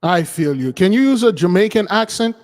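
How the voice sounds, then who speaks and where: A man's voice: high voice, expressive, a little fast, darkish tone. A man hosting a livestream commentary, talking in an emphatic, preachy way and repeating his points. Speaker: channel host. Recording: long reverb.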